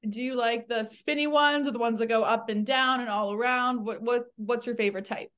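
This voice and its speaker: A young woman hosting a podcast interview, upbeat and asking quick follow-up questions. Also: on the high side, fairly even intonation, fairly bright tone. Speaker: podcast host. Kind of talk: casual interview.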